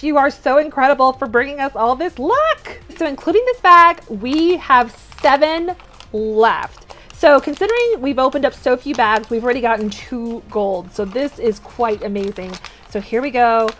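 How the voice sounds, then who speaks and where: A young woman with a bright, high voice talks through a toy unboxing in a bubbly, gushing way. Faint music plays softly behind her. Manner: bubbly, gushing, bursts into squeals and cheers. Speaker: toy unboxing channel host. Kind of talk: excited unboxing vlog.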